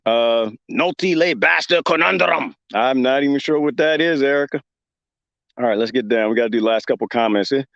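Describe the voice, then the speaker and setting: Male livestream host, slightly high voice, rambling and jokey, dull lo-fi phone sound. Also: dry recording. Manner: rambling, joking, laughs often. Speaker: livestream host reading chat comments. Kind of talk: casual livestream chat.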